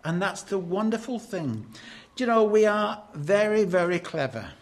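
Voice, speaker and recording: An older man preaching a sermon, emphatic, swinging between loud declarations and hushed lines. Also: high voice, lively intonation, normal speed.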